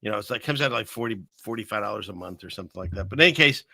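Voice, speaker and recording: A man's voice: fairly low pitch, lively intonation, very fast, gravelly, sharp tone, no echo. An older man hosting a casual live stream, rambling and joking at himself with lots of fillers and restarts, from a small room at his computer. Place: small upstairs room above a fireplace.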